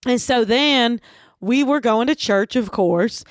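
A woman in her fifties from Kentucky, a comedian guest rambling through deadpan tall tales in an interview. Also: fairly high pitch, slow, dry recording, studio quality. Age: 50s. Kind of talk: deadpan comic interview banter.

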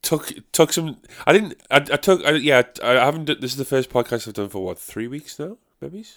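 A man's voice: mid-range voice, animated, fairly quick, fairly bright tone. A young man hosting a podcast, rambling and swearing in casual chat. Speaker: podcast host.

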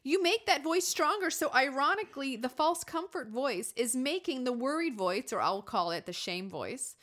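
Podcast host, woman in her 30s, candid and animated, voice rises and falls widely. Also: high-pitched, moderate pace, few pauses. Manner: open, animated, confessional storytelling with acted inner voices. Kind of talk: candid conversational podcast talk.

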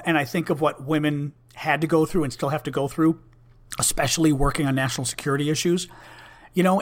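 A man in his fifties candidly telling a personal story in a casual monologue, conversational and blunt. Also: fairly high pitch. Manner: candid, conversational, with fillers and restarts, blunt language. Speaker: vlogger, former Senate staffer.

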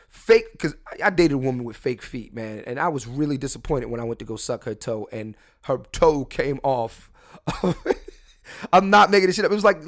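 Young male podcast host, slightly high voice, crude and rambling solo banter. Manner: crude, rambling, jokey, swears a lot, many restarts.

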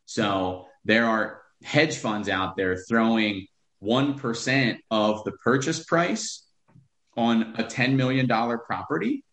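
A man's voice: medium pitch, fairly bright tone, echoey room. A man who is a real estate investor, talking bluntly with profanity as a podcast guest. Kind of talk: podcast interview.

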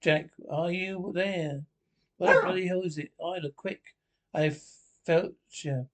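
An actor playing a coarse, cheeky Scottish pensioner in a TV sitcom, with gruff, sweary banter. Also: male voice, high voice, steady tone, unhurried, fairly bright tone, rough recording. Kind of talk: TV sitcom acting.

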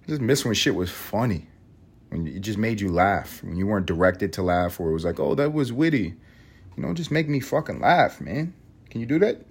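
A man hosting a solo podcast, ranting and rambling in a profane, animated way. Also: lowish voice, fairly quick, breathy edge. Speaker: podcast host.

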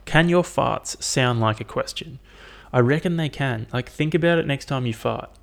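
Gravelly, sweary young man. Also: medium pitch, moderate pace. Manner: rambling, sweary, frequent fillers. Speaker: podcast host. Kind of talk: casual solo podcast monologue.

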